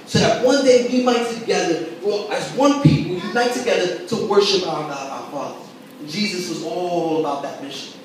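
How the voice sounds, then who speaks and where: A man preaching a sermon as pastor, talking in a conversational, animated way and checking in with the congregation as he goes. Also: sits high, a little hiss or hum. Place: church sanctuary. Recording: echoey church hall, mic at a distance.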